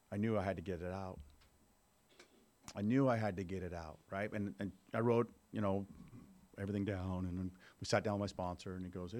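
A man in his fifties with a lowish voice gives a candid recovery testimony at a meeting. He chats with the group conversationally and checks in with them as he goes.

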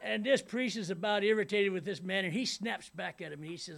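A middle-aged man tells his story to a room full of people at a recovery meeting. His voice is pitched high with a gravelly texture. He rambles casually and keeps checking in with his listeners. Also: fairly quick, hardly any pauses, a bit bright. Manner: rambling and casual, with many "man" and "you know what I mean". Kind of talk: personal recovery talk to a meeting. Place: meeting room before a live audience.

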